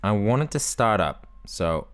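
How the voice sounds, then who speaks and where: A man's voice: on the low side, very animated, slow pace. A man doing playful let's play commentary, reading game text aloud and laughing at himself, close to the mic. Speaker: gaming YouTuber. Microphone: mic in front of face. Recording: game music behind.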